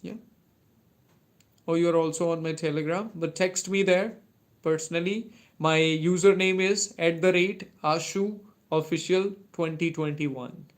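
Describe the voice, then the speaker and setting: A man's voice: on the high side, steady tone, unhurried. A young man with an Indian English accent, hosting a casual live stream and answering viewers with many fillers and restarts. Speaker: English-learning livestream host.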